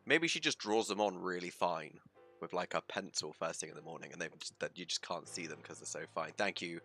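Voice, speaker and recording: A man's voice: low-pitched, fairly quick, faint music behind. A man giving casual, theatrical commentary while streaming a game. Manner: theatrical, swings into loud outbursts.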